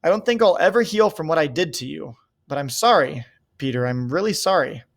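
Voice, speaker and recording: A man's voice: a little high, lively intonation, fairly quick, gravelly. A man doing an earnest, remorseful teenage boy. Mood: pleading. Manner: earnest, pleading.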